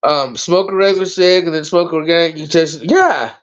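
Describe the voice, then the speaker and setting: A man's voice: on the high side, moderate pace. A man hosting a casual livestream chat, rambling and swearing as he talks. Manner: rambling, profane, animated. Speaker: livestream host. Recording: dull lo-fi sound.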